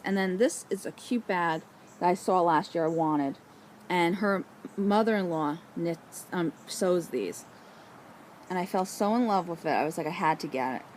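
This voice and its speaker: A woman's voice: fairly low pitch, slight background noise. Bubbly woman knitting vlogger outdoors. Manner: bubbly and excitable, with frequent laughs. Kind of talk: casual chat.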